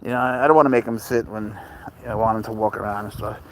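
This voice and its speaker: A man's voice: lowish voice, steady tone, fast, slight background noise. A man hosting a casual livestream outdoors in a park. He rambles and answers viewer questions as he walks his cat, talking into a phone.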